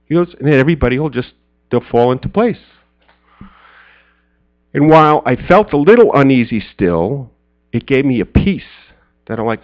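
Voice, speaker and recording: A middle-aged man telling a personal story as a speaker at a men's church gathering. He is an animated storyteller who acts out friends' lines in a high, excited voice. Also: moderate pace, pauses often, muffled recording. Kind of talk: storytelling sermon.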